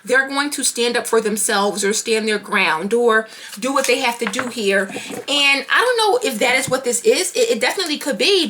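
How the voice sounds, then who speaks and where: A woman doing a tarot card reading, animated and thinking aloud as she pulls cards. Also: high voice, noisy background. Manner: animated, talking to herself while pulling cards. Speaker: tarot reader.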